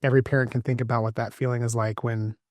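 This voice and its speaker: A man's voice: medium pitch, little pitch movement, fast talker, a little mellow, no room sound, studio quality. A man hosting a podcast, responding reflectively to his guest and adding his own thoughts in a casual conversational way. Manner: reflective, building on the guest's story with lists. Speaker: podcast host. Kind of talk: casual chat.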